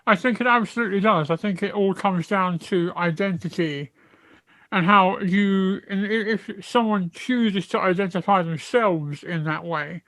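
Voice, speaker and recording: A man's voice: high voice, normal speed, fairly bright tone, no room sound. A man hosting a podcast, firmly agreeing and stating his view. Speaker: podcast host. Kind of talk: casual podcast chat.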